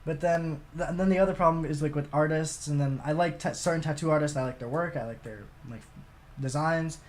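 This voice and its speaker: Man, young adult, from Florida, casual podcast chat, joking manner, fast. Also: on the high side, a little mellow. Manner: fast, joking, swears a lot. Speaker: podcast co-host.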